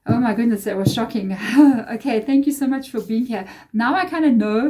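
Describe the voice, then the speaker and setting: Mellow-voiced woman reading tarot. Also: fairly high pitch. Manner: rambling, confiding, emotional asides. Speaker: tarot reader. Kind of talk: casual tarot reading monologue.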